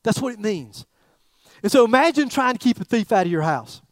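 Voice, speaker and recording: A middle-aged man preaching a sermon as pastor, in a chatty, joking way with pauses and repeated phrases. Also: very high-pitched, lively intonation, no room sound.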